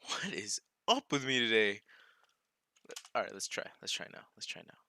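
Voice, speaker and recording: Animated, bright-voiced young man coding live. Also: on the low side, moderate pace, gravelly, dry recording, studio quality. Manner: scattered, self-mocking, laughs at own mistakes. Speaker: live coding stream host. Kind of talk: casual live coding stream.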